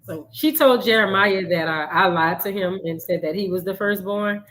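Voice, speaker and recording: A middle-aged woman, a mother, talking on a show with emotion and hesitation, pausing often. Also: medium pitch, a bit bright, low-quality recording. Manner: emotional, hesitant, many "um" pauses. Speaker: guest, mother. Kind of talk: casual talk show conversation.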